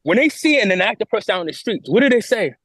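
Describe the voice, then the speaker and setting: A man tells his story fast, his fairly high voice leaping up and down as he acts out other people's lines. He often restarts and repeats words. The sound is close and dry, with no room in it. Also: sing-song, a bit bright, slightly rough, dry recording. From New York. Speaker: guest telling his story. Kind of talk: animated storytelling on a podcast.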